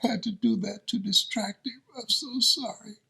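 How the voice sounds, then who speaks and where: A woman's voice: on the high side, fairly even intonation, normal speed, vocal fry, pushed and bright, breathy edge, voice pushed up, exaggerated voice. A man doing a frightened, apologetic mother. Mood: pleading.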